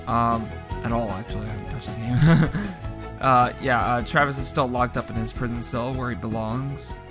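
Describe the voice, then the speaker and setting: A man doing goofy, dark-humored let's play commentary, bursting into laughs and yelps. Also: medium pitch. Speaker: gaming YouTuber.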